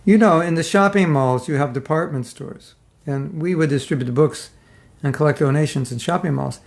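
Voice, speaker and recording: This man's voice is slightly high and gravelly, delivered at normal speed. Middle-aged, he's teaching an informal spiritual class with plenty of humor, joking around with the listeners, imitating their reactions, and chatting easily.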